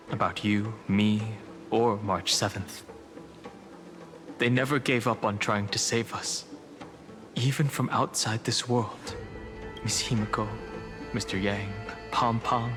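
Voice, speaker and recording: An actor playing a calm, reserved young man, speaking in a measured, quiet and solemn way in a game cutscene. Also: lowish voice. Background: game soundtrack music.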